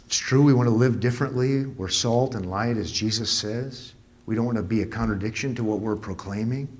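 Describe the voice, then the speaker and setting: A man preaching a live conference sermon in a church, emphatic, with punchy repeated lines and rhetorical questions, swinging between hushed asides and loud exclaims. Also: mid-range voice, a little fast. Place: church sanctuary before a live audience.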